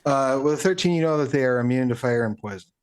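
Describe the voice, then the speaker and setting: This is a man acting as game master for a tabletop session, talking at an everyday pitch. He is loose and chatty, with fillers between his rules calls. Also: animated, fast talker, smooth. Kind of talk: running a tabletop game online.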